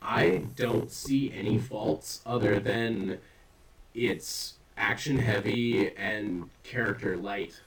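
A man's voice: fairly low pitch, fairly even intonation, takes it slowly, recorded from a distance, a loud crowd, rough recording. A man chatting casually as a podcast co-host, rambling and swearing often with self-mocking humor. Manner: rambling, profane, self-deprecating. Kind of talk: casual chat.

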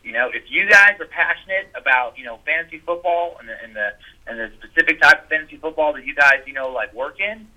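A man guesting on a podcast, talking in an animated, emphatic way with lots of swearing and quick restarts. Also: fairly high pitch, rough recording. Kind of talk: casual podcast conversation.

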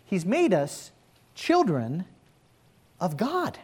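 A man preaching a sermon as pastor, conversational and animated, asking the congregation to answer back. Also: high voice, extremely slow, slightly rough.

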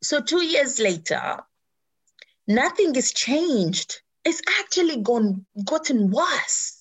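Middle-aged woman, personal testimony, slightly high voice, earnest and emotional, halting restarts. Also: very animated, slightly rough. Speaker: speaker sharing a personal story.

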